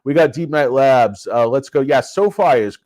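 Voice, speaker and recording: A man's voice: mid-range voice, expressive, normal speed, darkish tone, dry recording. A man with a stuffy head cold hosting a casual livestream on a lapel mic, rambling and joking with viewers. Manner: rambling, jokey, chatting with viewers. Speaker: livestream host. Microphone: cheap lapel microphone.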